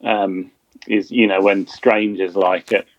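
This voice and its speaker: A man's voice: fairly low pitch, level tone, takes it slowly, dry recording, muffled recording. An English man from England, a guest in a casual chat, speaking hesitantly and self-deprecatingly with many restarts.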